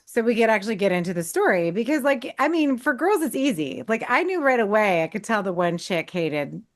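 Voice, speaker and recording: A woman's voice: mid-range voice, very animated, a little fast. A woman co-hosting a horror podcast in casual chat, talking loosely with lots of "like" and "you know". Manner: chatty, many fillers like "like" and "you know". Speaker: podcast co-host.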